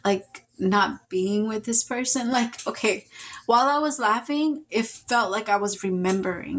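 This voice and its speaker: A woman's voice: on the high side, expressive, unhurried, a bit bright, slight background noise. A woman giving a casual tarot reading, speaking in an emotional, rambling way with sighs and restarts. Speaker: tarot reader.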